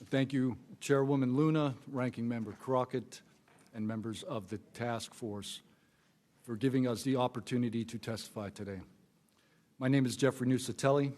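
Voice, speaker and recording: A middle-aged man, a former military police officer, reading a formal prepared statement as a witness at a hearing, steady and measured, into a desk microphone. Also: medium pitch. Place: congressional hearing room.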